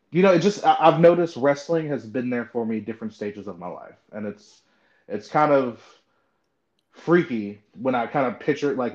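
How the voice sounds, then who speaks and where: A man hosting a podcast in casual chat, telling stories with lots of fillers and acting out what others said. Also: medium pitch. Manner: animated storyteller, acts out quoted voices. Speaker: podcast host. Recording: dull lo-fi sound.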